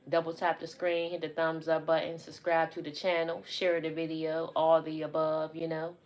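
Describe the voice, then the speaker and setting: A woman's voice: sits low, completely flat delivery, moderate pace, a little mellow. A woman hosting a casual livestream from home, laid-back and chatty with her viewers. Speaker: livestream host. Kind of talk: casual live chat. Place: indoors at home by a window.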